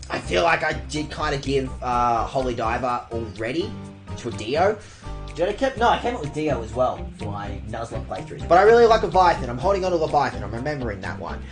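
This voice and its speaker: A young woman streaming a game, chatting casually with her viewers, sarcastic and quick to swear. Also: low voice.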